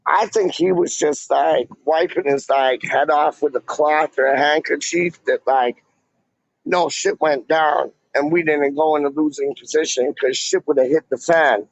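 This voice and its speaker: A man rambling through a casual livestream, his voice slightly high and full of gravel and fry. He drawls slowly, piling on slang and "like". The audio is dull and lo-fi. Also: fairly even intonation, dry recording. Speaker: fan vlogger reading live chat.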